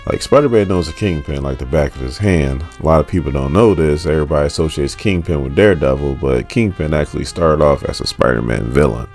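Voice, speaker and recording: A man's voice: very deep voice, fast, gravelly, few pauses, darkish tone, soft background music. A man casually recapping a comic book issue in a chatty storytelling manner. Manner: chatty storytelling, acting out lines.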